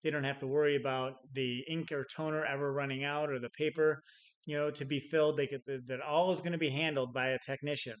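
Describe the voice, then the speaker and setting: A man's voice: a little high, flat delivery, quick pace. A middle-aged man teaching sales in an unscripted talk, telling stories with acted-out quotes, chuckling and restarting his phrases often. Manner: many restarts and repeated words. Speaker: sales trainer.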